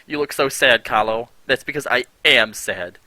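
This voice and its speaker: Bright-voiced male streamer reading chat. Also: mid-range voice, normal speed, no room sound. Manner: reads viewer chat aloud with dry, exasperated asides. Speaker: live streamer. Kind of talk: casual live stream chat.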